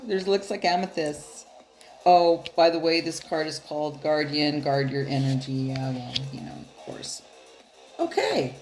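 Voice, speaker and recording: Speaking directly to her viewers, a woman does a relaxed, chatty tarot reading, cursing occasionally and laughing a lot. She has a low, darkish voice.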